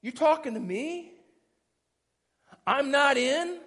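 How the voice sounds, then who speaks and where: A man's voice: very high-pitched, animated, a little slow, fairly bright tone, voice pushed up, full character voice. A man voicing an indignant, self-righteous man who protests that his good deeds should count. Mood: incredulous. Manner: pleading, self-righteous, incredulous. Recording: echoey church hall.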